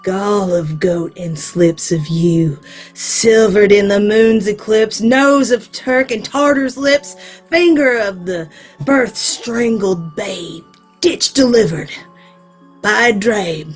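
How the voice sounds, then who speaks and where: A woman with a Southern US accent playing a giggling old witch, reciting spell ingredients slowly with laughter in an amateur stage-play reading. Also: medium pitch, husky, soft background music. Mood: chanting. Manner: slow, laughing recitation with stumbles.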